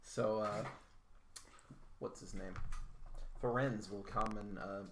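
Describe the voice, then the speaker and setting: A man's voice: fairly low pitch, steady tone, takes it slowly. A man narrating as game master at a tabletop game, talking casually with many hesitations. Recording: roomy with faint noise.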